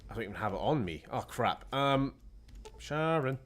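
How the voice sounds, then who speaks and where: Sarcastic Scottish streamer muttering through a game. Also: male voice, mid-range voice, animated, normal speed, a bit bright, slight background noise. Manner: sarcastic, muttering, swears under his breath. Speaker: gaming streamer. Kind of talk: casual gameplay commentary.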